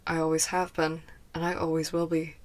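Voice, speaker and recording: A woman doing a weary but caring grown man teacher, storybook reading. the voice sits low for her, and she keeps it calm, slow and gentle, letting each word land softly. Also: natural voice. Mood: tender. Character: tired, caring male teacher, adult. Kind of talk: fan fiction audiobook reading.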